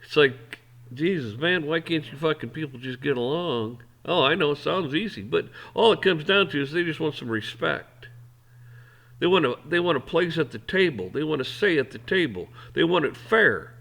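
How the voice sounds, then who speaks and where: A man's voice: fairly high pitch, animated, moderate pace, creaky, a bit bright. A man hosting an opinion show, ranting in a blunt, heated, profane way. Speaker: host. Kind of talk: opinion rant.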